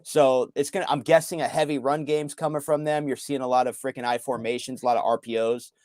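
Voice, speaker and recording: A man talking in an excited, casual way as a sports fan co-host, loud and hyped, swearing and swinging his voice up and down. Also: medium pitch, quick pace, no room sound.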